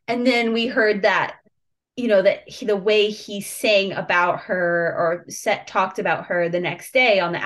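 A woman hosting a casual podcast conversation, gushing and emotional. She laughs often and drops to a near hush in tender moments. Her pitch sits in an ordinary middle range. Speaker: podcast host. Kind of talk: casual heartfelt chat.

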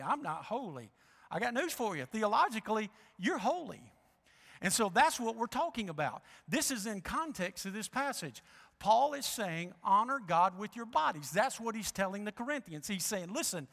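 A man's voice: high-pitched, sharp tone. A male pastor preaching a sermon, emphatic and drawing out key words, in a church sanctuary. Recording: reverberant hall.

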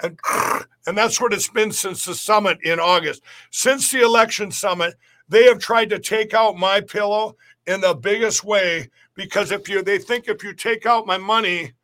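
A man's voice: high-pitched, moderate pace, sharp tone. A middle-aged man talking as a guest in a podcast interview, rambling and emphatic, often restarting his sentences.

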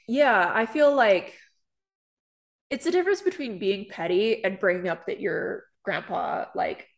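A woman's voice: medium pitch, a little slow, creaky. A young woman from Canada co-hosting a podcast, chatting casually and filling her sentences with "like" and "um". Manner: chatty, lots of "like" and "um" fillers. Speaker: podcast co-host. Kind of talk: casual chat.

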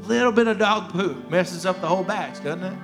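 High-voiced pastor preaching over music. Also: male voice, fairly quick, vocal fry. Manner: emphatic, repeats key phrases. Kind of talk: sermon. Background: worship music.

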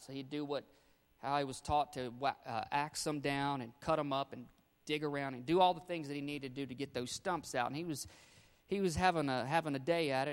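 A man preaching a sermon as pastor, rising to loud emphatic bursts and dropping to quiet, low endings. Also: long reverb tail.

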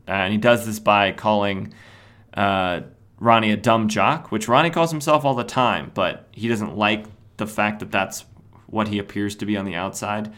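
A man's voice: lowish voice, fairly bright tone. A man hosting a podcast, casually recapping a comic book, rambling and correcting himself as he goes. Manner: rambling, self-correcting, many fillers. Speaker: podcast host.

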